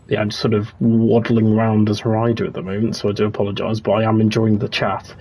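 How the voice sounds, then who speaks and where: A young man with a husky, slightly low voice talks casually to his livestream chat while playing a game. He rambles loosely from thought to thought and answers viewers in an easygoing, relaxed way. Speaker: streamer.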